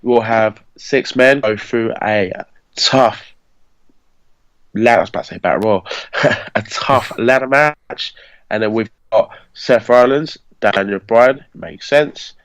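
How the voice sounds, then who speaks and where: A man's voice: fairly low pitch, slow pace, fairly bright tone, dry recording, poor audio. A man, hosting a podcast and chatting casually as he rambles through a story and corrects himself along the way. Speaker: podcast host. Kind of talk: casual fantasy-booking chat.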